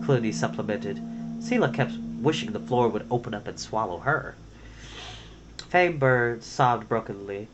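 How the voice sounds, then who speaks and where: Expressive man reading a storybook. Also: mid-range voice, normal speed. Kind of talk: storybook read-aloud. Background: music.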